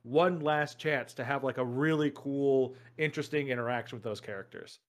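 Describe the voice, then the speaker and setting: A man's voice: mid-range voice, normal speed. A man co-hosting a casual chat, eager and rambling with lots of fillers. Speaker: podcast co-host.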